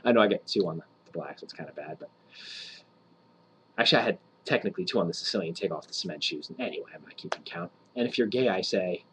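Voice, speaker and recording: Rambling, profane man, low voice. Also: animated, quick pace, fairly bright tone, a little hiss or hum, poor audio. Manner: profane, rambling, mock-offensive, laughs at own jokes. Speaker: vlogger. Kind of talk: rambling crude joke rant to camera.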